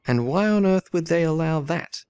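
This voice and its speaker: A man's voice: on the high side, animated, normal speed, darkish tone, smooth, no room sound, voice pushed up, natural voice. A man reading a story game aloud and voicing a proper young male valet who speaks formally and suspiciously. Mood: wary.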